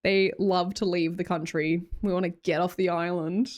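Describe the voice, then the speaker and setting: A woman's voice: fairly low pitch, flat delivery, normal speed, a little mellow. A playful woman with an Australian accent, chatting late at night with her livestream viewers and laughing often. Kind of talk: casual livestream chat.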